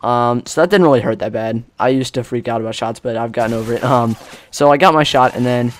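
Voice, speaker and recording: A man's voice: mid-range voice, fast. Rambling teen boy gamer. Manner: rambling, filler-heavy, acts out quotes. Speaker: gaming commentator. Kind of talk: casual storytelling over gameplay.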